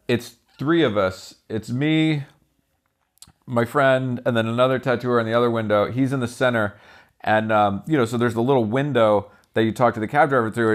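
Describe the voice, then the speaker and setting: A man's voice: medium pitch, clear, resonant tone. Rambling, profane storyteller man. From Texas. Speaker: podcast guest, tattooer. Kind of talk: casual storytelling.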